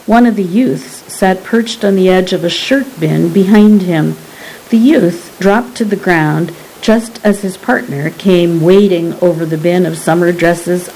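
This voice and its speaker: A woman narrating an audiobook at an unhurried, deliberate pace. Her voice sits on the low side, and she reads in a steady, measured way. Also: slight background noise, poor audio.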